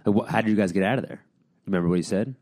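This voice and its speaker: A man with a very deep, low voice talks fast in casual podcast chat. He keeps dropping in quick jokes and puns. The sound is dry and close. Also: darkish tone, no echo. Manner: quick jokey interjections and puns. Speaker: podcast co-host.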